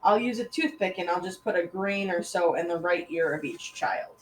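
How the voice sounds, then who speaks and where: A woman's voice: fairly low pitch, moderate pace, far from the mic, a little hiss or hum, close to an everyday voice. A woman reading a patient storybook wife. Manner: calm, gently insistent. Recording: roomy echoey room.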